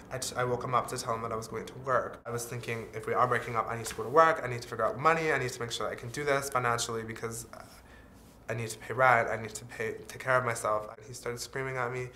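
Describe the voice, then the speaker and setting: A man's voice: mid-range voice, level tone, fast talker, sharp tone, slight background noise. A man speaking in a candid, earnest confessional vlog, dropping the odd swear word. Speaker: vlogger.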